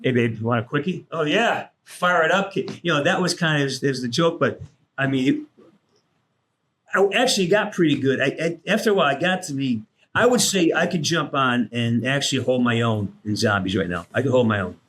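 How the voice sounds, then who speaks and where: A man, a guest voice actor, telling stories on a podcast in an animated way, swearing freely and acting out what people said. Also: medium pitch, a little fast, slight background noise. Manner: animated, swears freely, acts out quoted lines. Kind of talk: casual podcast storytelling.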